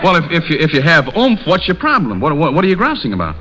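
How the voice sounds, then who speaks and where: Host, male, lively sarcastic straight man, bright tense tone. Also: on the high side, a faint crowd, low-quality recording. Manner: teasing straight man, quick sarcastic comebacks. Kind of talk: 1930s radio comedy banter. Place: radio studio.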